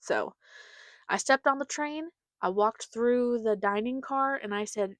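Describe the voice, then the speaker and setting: A woman's voice: mid-range voice, expressive, measured pace, fairly bright tone, dry recording. A woman hosting a podcast, telling a rambling, chatty story and acting out what her family said. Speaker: podcast host. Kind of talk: casual storytelling monologue.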